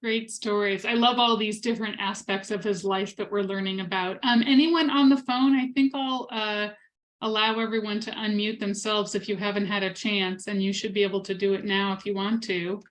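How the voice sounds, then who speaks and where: A woman moderating an online memorial over a video call, briskly directing the speakers in turn. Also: mid-range voice, steady tone. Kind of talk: hosting an online meeting.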